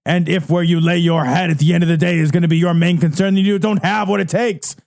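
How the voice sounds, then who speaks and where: Skit: man as a shouting ancient general, high gravelly voice, blunt. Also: steady tone, quick pace. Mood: stern. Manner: shouting orders, matter-of-fact. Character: blunt, rousing ancient male army commander. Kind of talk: comedy skit acting.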